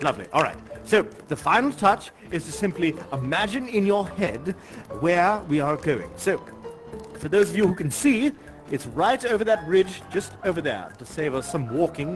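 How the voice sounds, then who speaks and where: An actor playing a genteel, chatty male professor who guides visitors in a live virtual-reality performance, courtly and polite and chuckling often. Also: on the high side. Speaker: live actor guiding players.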